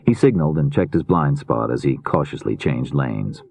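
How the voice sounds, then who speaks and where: A man reading a mystery novel aloud in a measured, steady narration. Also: a bass voice, vocal fry, no echo, phone-quality sound. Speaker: audiobook narrator. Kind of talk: scripted narration.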